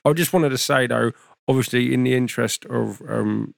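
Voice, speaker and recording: Man as a gravelly, swearing host, dry sound, blunt delivery. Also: mid-range voice, normal speed, no echo. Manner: blunt, swears constantly, says mate. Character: foul-mouthed British hat-testing show host. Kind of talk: comedy sketch.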